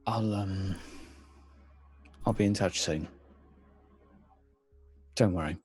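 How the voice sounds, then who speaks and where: A man playing his character in a tabletop game, gruff and hesitant. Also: low-pitched, slow pace, darkish tone, soft background music. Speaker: player. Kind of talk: in-character tabletop role-play.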